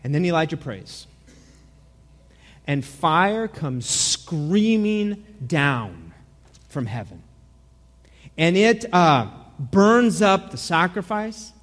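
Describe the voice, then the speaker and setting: Casting: male pastor, sermon delivery, high-pitched, lively and joking, recorded with long hall reverb. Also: drawn-out words, long pauses. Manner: animated, joking, many repeated starts.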